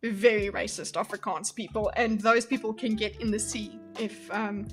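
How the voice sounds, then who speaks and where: Bright chatty woman commentator. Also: medium pitch, fairly even intonation, normal speed, faint music behind. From Spain. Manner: chatty, swears, laughs, gets heated. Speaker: video commentator. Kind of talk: casual reaction commentary.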